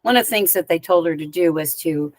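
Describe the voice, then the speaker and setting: A woman's voice: fairly low pitch, a little fast, dry recording. Woman telling a story, dry close sound. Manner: lively anecdotal telling with conversational asides. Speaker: spiritual teacher and guest. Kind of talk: storytelling in a podcast interview.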